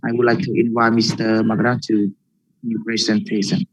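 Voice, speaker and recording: A man giving a student presentation on stress, reading slowly and carefully. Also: on the low side, flat delivery, dry recording, dull audio. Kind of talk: class presentation.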